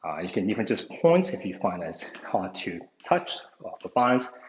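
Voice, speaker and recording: A man's voice: low-pitched, sing-song, normal speed. A man instructing an online exercise class, slightly out of breath, encouraging and saying "okay" again and again. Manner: encouraging, says "okay" constantly. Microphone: video call. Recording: echoey room, faint noise.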